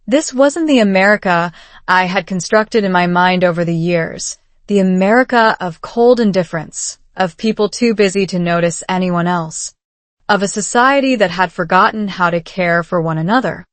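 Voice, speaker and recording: A woman narrating a first-person story slowly and clearly, for learners. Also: fairly low pitch, no room sound. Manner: slow, clear reading for learners. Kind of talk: slow scripted story narration.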